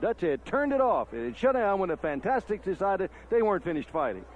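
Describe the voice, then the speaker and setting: A man's voice: high voice, very animated, brisk, slight background noise. A man hosting a wrestling show, talking to fans in a folksy, emphatic way. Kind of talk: studio wrestling commentary. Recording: dull lo-fi 1990s TV tape.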